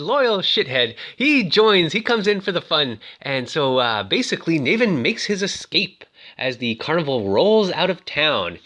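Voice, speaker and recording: A man casually retelling a film's story with toys, chatty and full of fillers, shouting out the characters' lines as he goes. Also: a little high. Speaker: toy reviewer retelling a film.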